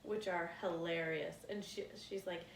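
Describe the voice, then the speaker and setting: A woman's voice: on the low side, moderate pace, a little hiss or hum. A woman co-hosting a podcast in casual chat, telling stories with lots of laughter and acted-out quotes. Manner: laughs often, animated storytelling with acted quotes. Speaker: podcast co-host. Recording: roomy, slightly distant mic.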